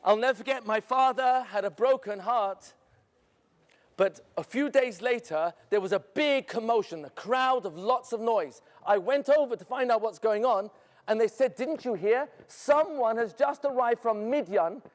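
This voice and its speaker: High-voiced man telling a dramatic story. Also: normal speed. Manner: theatrical, asks the audience questions. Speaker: educator. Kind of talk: dramatic first-person storytelling to students. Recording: echoey hall.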